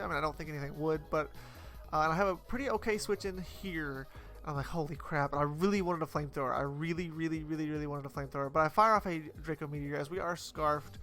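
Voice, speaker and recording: A young man talks through his own gameplay in a bright, forceful voice that sits a little higher than most men's. He rambles casually, full of fillers and quick self-corrections, with faint music playing underneath. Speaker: competitive Pokemon player commentating his battle.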